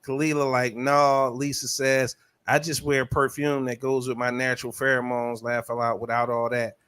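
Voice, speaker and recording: Crude, animated podcast host, a man. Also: mid-range voice, moderate pace, clean tone. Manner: crude, animated, reads out listener comments. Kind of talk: casual chat.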